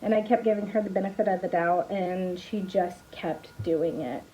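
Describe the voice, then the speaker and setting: A woman's voice: lowish voice, moderate pace, dull audio, slight background noise. Exasperated young woman telling a storytime. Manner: chatty, exasperated, with sighs and laughs. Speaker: small business owner. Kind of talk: casual storytime vlog.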